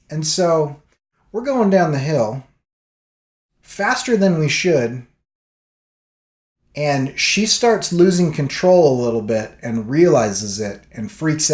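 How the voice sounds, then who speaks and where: Animated man telling a story, echoey room. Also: fairly high pitch. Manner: animated storyteller acting out quotes. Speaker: vlogger. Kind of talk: casual storytelling.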